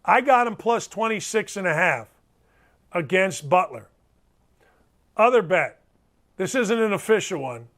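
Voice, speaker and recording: A man's voice: high voice, lively intonation, measured pace, pauses often, a bit bright. A middle-aged man hosting a sports talk show, talking in a blunt, emphatic way and repeating himself for effect.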